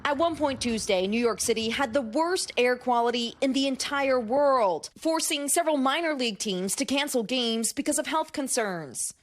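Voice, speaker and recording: Female field correspondent, higher voice, steady scripted read, outdoor live shot. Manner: measured, scripted delivery. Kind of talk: news field report. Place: outdoors by a river.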